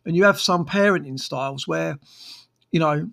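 Therapist guy rambling on his podcast, kinda gravelly, a bit high. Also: normal speed, fairly bright tone. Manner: rambling, frank, with many fillers and restarts. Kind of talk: casual solo podcast monologue.

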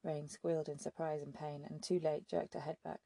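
A woman reading a novel aloud as an audiobook narrator, in a steady, measured storytelling manner. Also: low voice, vocal fry, no echo. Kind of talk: scripted narration.

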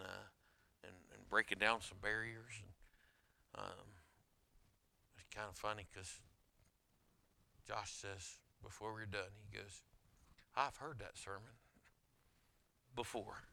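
A man preaching a sermon as a pastor, telling anecdotes in a conversational, animated way. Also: lowish voice, creaky. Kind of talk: sermon with storytelling.

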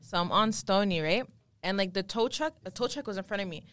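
Fast-talking young woman, dry sound. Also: mid-range voice, a bit bright. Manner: rapid, profane storytelling. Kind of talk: casual group chat.

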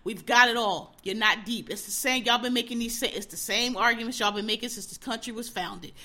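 A young woman hosts her own podcast, ranting with blunt, profane heat and sarcastic mockery. Her voice sits fairly high and rings bright and forceful. She speaks in a casual solo commentary style. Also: a little fast. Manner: sarcastic mocking impressions of others. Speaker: podcast host.

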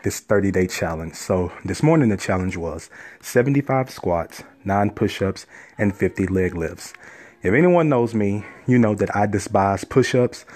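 Male life coach with a lowish voice, upbeat motivational podcast host who speaks right to his audience. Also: darkish tone. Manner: upbeat, encouraging, talks straight to listeners.

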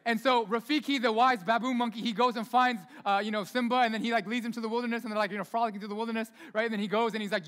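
A man with a notably high voice delivers a sermon in a relaxed, conversational way, tossing asides to his congregation. His voice rings out with a long reverb from the church hall around him. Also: racing, hardly any pauses. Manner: casual, chatty preaching with many asides. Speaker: pastor. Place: church sanctuary.

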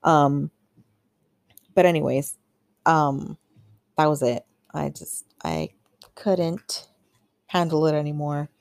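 Low mellow-voiced woman on a podcast, chatty and blunt, dry close mic. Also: lively intonation, slow, creaky, long pauses, no echo. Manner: candid, chatty, lots of fillers and acted-out quotes. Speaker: podcast host. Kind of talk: casual storytelling monologue.

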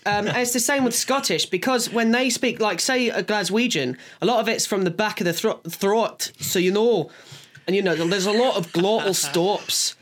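A man from England in casual chat, telling animated stories with a lot of swearing. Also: high voice, moderate pace. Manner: animated storyteller, slips into accent impressions.

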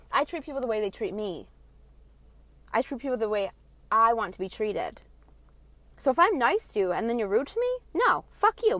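A woman delivering a heated, profane vlog rant, blunt and passionate, swinging between loud outbursts and quieter asides. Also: fairly high pitch, no echo. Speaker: vlogger. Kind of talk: ranting monologue.

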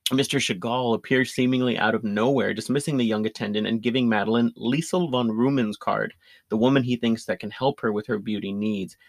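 A man's voice: medium pitch, a little fast, dry recording. A man in casual conversation, recapping a film with enthusiasm, often laughing and restarting his sentences. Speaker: podcast co-host.

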